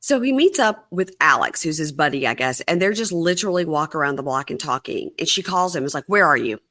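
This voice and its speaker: A woman hosting a podcast, casually recapping a reality show episode and acting out the cast's lines in an animated way. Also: sits low, fairly quick. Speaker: podcast host. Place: her sister's house, dim room.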